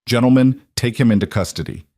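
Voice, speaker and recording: A man's voice: medium pitch, fairly quick, no room sound, clean studio sound, close to an everyday voice. A man voicing a firm territorial marshal. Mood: authoritative. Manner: flat, firm. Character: authoritative male territorial marshal.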